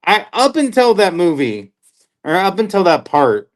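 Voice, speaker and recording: Guy breaking down a movie, kinda analytical, hedges a lot, slightly high voice. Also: sing-song. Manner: measured, analytical, hedging. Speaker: movie podcast co-host. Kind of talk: casual chat.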